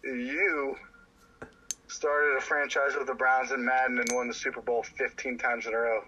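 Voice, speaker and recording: A man co-hosting a casual sports podcast, joking and quick-talking. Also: mid-range voice, level tone, pushed and bright, lo-fi sound, slight background noise. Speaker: podcast co-host.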